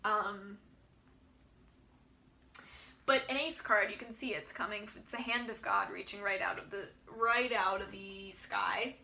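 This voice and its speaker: A woman giving a pick-a-pile tarot reading, musing gently and searching for words with many ums. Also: medium pitch, fairly even intonation, unhurried, creaky, long pauses. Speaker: tarot reader.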